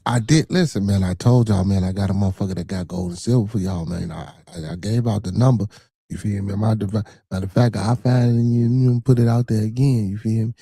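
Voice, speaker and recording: With a Chicago accent, a man hosts a livestream podcast, reading chat aloud while joking, swearing loosely, and using frequent filler. His fairly low voice is gravelly, warm, and a bit breathy, recorded in studio quality with no room sound.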